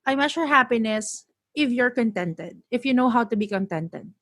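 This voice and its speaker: A high-voiced woman in her thirties chats as a podcast guest and tells animated stories. She laughs often and jumps into little acted-out quotes. The sound is close and dry. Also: moderate pace, dry recording. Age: 30s. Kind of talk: casual chat.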